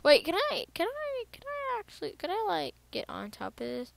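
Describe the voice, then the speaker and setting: A woman giving casual, rambling gameplay commentary, excitable and repeating herself as she figures things out. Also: extremely high pitch, normal speed, gravelly. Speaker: gaming video creator. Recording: loud background noise over voice.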